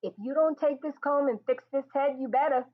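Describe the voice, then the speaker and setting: A woman voicing a weary, sharp-tongued young mother, blunt and scolding. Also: sits high, moderate pace, voice pushed up, natural voice. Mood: stern. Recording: tinny phone-like sound.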